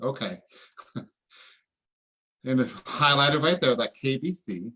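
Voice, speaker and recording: Excitable male presenter with a bright, forceful voice, preachy, calls for audience responses. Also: mid-range voice, slow pace. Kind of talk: online sales presentation.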